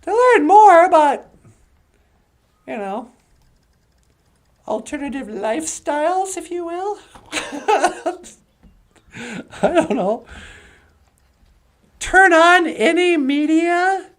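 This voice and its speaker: A woman's voice: very high-pitched, expressive, extremely slow, long pauses. A woman rambling through a comedic story as a cartoon narrator, chatty and offhand. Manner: chatty and rambling, switching into character voices.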